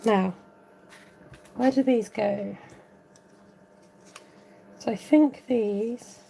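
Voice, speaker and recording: A woman's voice: on the high side, very slow, vocal fry, mellow, a little hiss or hum. A woman chatting casually and giggling as she demonstrates a papercraft tutorial at home. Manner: chatty, giggly, talks while working. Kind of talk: casual crafting tutorial chat.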